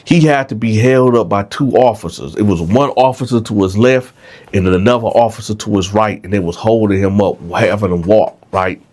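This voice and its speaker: A man telling a story in a casual storytime, animated, often checking in with his listeners with "right?". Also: on the low side, fairly quick. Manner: animated, keeps asking "right?". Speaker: storyteller host.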